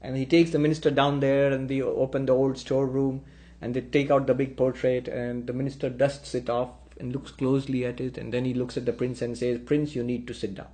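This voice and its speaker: A man telling a spiritual story, animating the dialogue with lively voices. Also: mid-range voice, brisk. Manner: animated storyteller acting out characters. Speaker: spiritual speaker. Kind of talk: storytelling talk.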